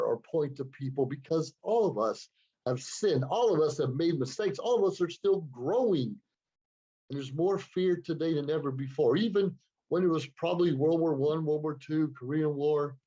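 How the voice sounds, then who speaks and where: A man's voice: medium pitch, warm tone, husky, highs cut off. A man hosting his own show, talking alone to the camera in an earnest, moralizing way, often repeating a word as he gathers his thoughts. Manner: earnest, moralizing, repeats words while thinking. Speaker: show host. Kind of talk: preachy solo talk to camera. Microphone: computer camera.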